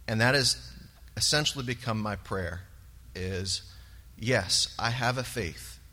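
A man's voice: fairly low pitch, sharp tone. Earnest man giving testimony in a hall. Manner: earnest, halting, with fillers. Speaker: church member sharing testimony. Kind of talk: personal testimony in church. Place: church sanctuary. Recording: long reverb of a large hall.

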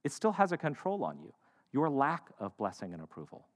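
A man's voice: medium pitch, huge pitch swings, a little fast. Preaching man in a reverberant hall. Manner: dynamic, swings from loud to hushed. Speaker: pastor. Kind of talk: sermon.

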